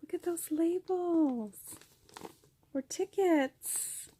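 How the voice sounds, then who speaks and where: A woman's voice: medium pitch, animated, unhurried, husky. Gushing woman unboxing craft mail. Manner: gushing, gasps and exclaims often. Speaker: craft vlogger opening happy mail. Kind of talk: excited unboxing chat. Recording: faint crinkling paper noise.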